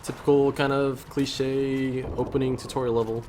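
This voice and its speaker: A man's voice: medium pitch, little pitch movement, moderate pace, noisy background. A young man casually commenting on a game he plays, rambling with joking asides. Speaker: let's play host.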